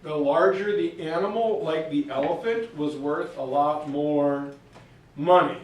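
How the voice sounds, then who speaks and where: A male teacher giving a jokey, animated history lecture in a classroom, picked up by a distant camera mic. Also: fairly high pitch, a little slow, slight background noise. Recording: echoey classroom from far off.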